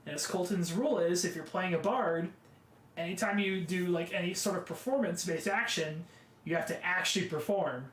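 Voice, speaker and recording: A young man co-hosting a podcast in casual chat, a lively storyteller who laughs easily. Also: high voice, fairly quick. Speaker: podcast co-host. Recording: roomy echo.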